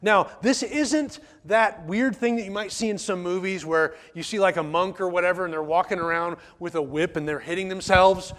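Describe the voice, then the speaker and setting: A man's voice: sits high, moderate pace, hardly any pauses, a bit bright. A man preaching a sermon in church, emphatic, repeating key phrases and asking the congregation rhetorical questions. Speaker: pastor.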